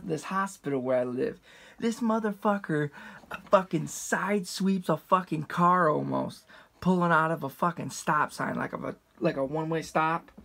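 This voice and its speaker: A man's voice: creaky, a bit bright. A man in his twenties casually telling a rambling, heavily profane story, with restarts and asides and quoted voices acted out. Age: 20s. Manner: acts out quotes with big pitch jumps. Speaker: storyteller vlogger.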